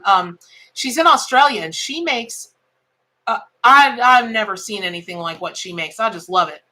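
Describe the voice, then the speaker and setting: A woman's voice: fairly high pitch, sharp tone. A woman giving a live tarot reading, chatting folksily with viewers and greeting them by name. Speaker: tarot reader.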